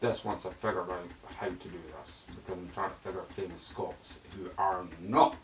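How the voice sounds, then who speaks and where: A man's voice: low voice, fairly even intonation, moderate pace, background noise. A man working as a voice actor, chatting casually through a demo of voice impressions and switching between put-on voices. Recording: roomy echo, mic at a distance.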